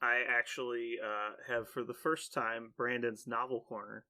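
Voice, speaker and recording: A man hosting a podcast in casual chat, an animated storyteller who rambles with lots of "like" and laughs often. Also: medium pitch, moderate pace. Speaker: podcast host.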